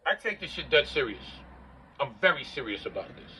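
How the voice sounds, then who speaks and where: A man's voice: mid-range voice, very animated, a little fast, bright, forceful tone, a little hiss or hum, low-quality recording. A man in his forties rambling casually to the camera in a blunt, boastful and profane way. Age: 40s. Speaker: vlogger.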